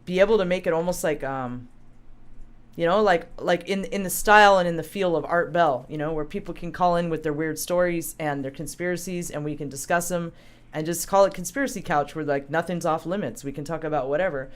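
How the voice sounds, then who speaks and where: Brief: chatty stream co-host, mid-pitched, rambles and restarts, reads chat aloud. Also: fairly quick. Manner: rambling, self-interrupting storyteller who reads out viewer chat. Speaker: livestream co-host. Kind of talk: casual live-stream chat.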